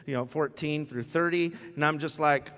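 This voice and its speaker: A man preaching a casual, joking sermon as pastor, telling the story with lively asides. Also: fairly high pitch, normal speed, smooth. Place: church sanctuary. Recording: church hall with long reverb.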